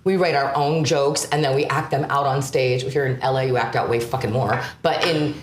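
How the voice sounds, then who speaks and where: A woman's voice: extremely low pitch, steady tone, a little fast, slight background noise. A woman comedian co-hosting a podcast, talking in a casual, jokey way and swearing freely. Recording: echoey room with faint ambience.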